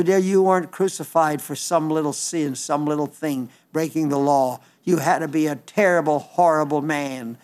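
A man preaching a sermon, fervent and repetitive, with frequent restarts. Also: fairly high pitch.

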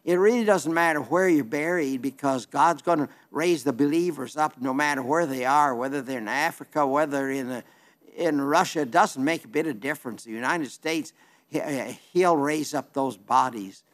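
A man's voice: on the high side, moderate pace. Folksy earnest male TV preacher. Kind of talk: televised sermon and letter reading.

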